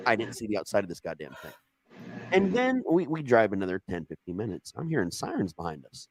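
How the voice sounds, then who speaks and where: Animated, swearing storyteller man. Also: fairly low pitch, fast, breathy edge, no room sound. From Ohio, USA. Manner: profane, animated, acts out quoted dialogue. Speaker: storyteller guest. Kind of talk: casual storytelling anecdote.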